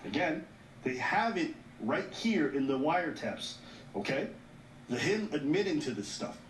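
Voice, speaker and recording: A man's voice: a little high, very animated, measured pace. A man talks through a news story in casual commentary. He explains at length, reads quotes aloud and swears freely. His voice sounds roomy and a little far from the mic, with faint room noise behind it. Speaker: co-host of a commentary show.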